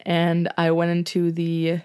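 A woman's voice: lowish voice, completely flat delivery, takes it slowly, warm tone, clean tone. Woman rambling thru a story, lots of "like", does little voices for people. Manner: chatty storyteller, acts out quoted voices, filler-heavy. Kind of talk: casual chat.

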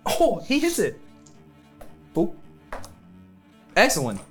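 Animated, playful tabletop game master. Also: mid-range voice, a little slow, soft background music. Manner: playful, animated narration with many fillers.

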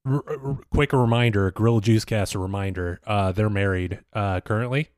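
A man's voice: lowish voice, moderate pace, a little mellow, no room sound. A man co-hosting a podcast, talking through ideas in a dry, crude way. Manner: dry, crude, reasoning aloud. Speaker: podcast co-host. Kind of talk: casual chat.

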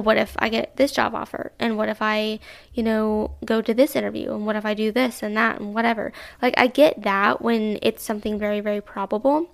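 A woman's voice: fairly high pitch, vocal fry. A woman in her early twenties hosting a solo podcast, rambling in a chatty, self-reflective way. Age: 20s. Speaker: podcast host. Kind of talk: casual solo podcast monologue.

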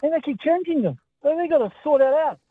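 A man's voice: extremely high pitch, expressive, fast talker, slight background noise. A man calling a talkback show, rambling in a friendly way. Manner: rambling, friendly, trailing off quietly. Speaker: caller. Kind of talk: casual phone-in chat. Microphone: phone. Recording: dry tinny phone line.

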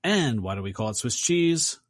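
A man's voice: mid-range voice, sing-song, moderate pace, no room sound. A man co-hosting a movie podcast, agreeable and steering the segments. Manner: dry, agreeable, runs segments. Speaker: podcast co-host. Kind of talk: casual podcast chat.

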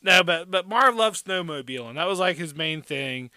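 Man, casual podcast storytelling, rambling, high bright voice, dry close sound. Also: moderate pace, clear, resonant tone, no room sound. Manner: rambling, animated, many fillers. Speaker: podcast co-host.

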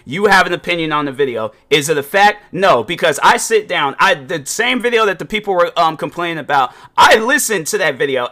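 Man host, solo podcast rant, naturally loud, with a bright, somewhat high voice. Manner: rambling, animated, with many fillers.

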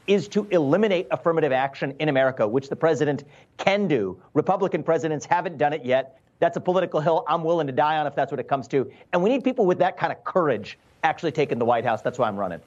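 Fast, emphatic man in his thirties. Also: fairly high pitch, expressive, a little mellow, lo-fi sound. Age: 30s. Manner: fast, emphatic, assertive campaign talk. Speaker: presidential candidate guest. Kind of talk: remote TV news interview.

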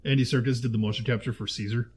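A relaxed, mid-pitched man talking casually with a friend about old films. He chats loosely, laughs easily and stops to hunt for actors' names. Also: racing, husky. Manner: chatty, laughs often, searches for names aloud. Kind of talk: casual chat.

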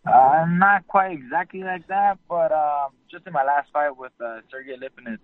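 A boxer, a man, answering interview questions in a calm, mellow, measured way. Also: fairly high pitch, no room sound. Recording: phone line.

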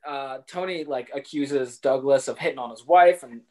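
A woman's voice: very deep voice, normal speed, warm tone. A woman co-hosting a casual podcast, retelling an episode and putting on silly voices for the characters. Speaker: podcast co-host.

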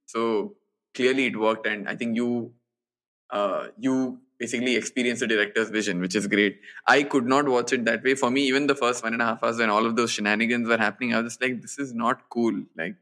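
A man's voice: mid-range voice, fairly even intonation, a little fast, pushed and bright. A man co-hosting a podcast, giving frank, blunt opinions in a casual chat about films. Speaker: podcast co-host.

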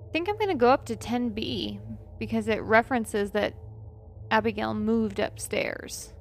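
A woman's voice: a little high, moderate pace, faint music behind. A woman player in a tabletop game, stating her moves bluntly. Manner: decisive, blunt.

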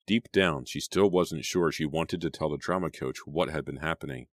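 Very deep-voiced male audiobook narrator. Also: no echo, studio quality. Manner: steady, measured reading.

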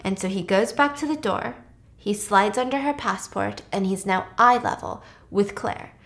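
A woman's voice: mid-range voice, moderate pace, gravelly. A woman casually recapping a film plot in a chatty way, adding frequent asides.

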